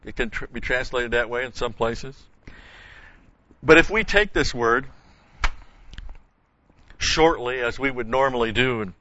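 A man's voice: medium pitch, a little slow, pauses often, sharp tone. An older man teaching a Bible study lecture, explaining word meanings and wandering into folksy stories with chuckles. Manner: folksy, digressive storytelling with chuckles. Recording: muffled lo-fi recording.

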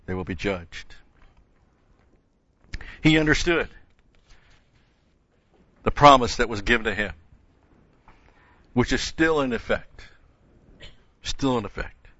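A man's voice: medium pitch, a little slow, pauses often, pushed and bright, no room sound, muffled recording. A man preaching a sermon who reads scripture aloud with rising emphasis, then explains it in plain asides.

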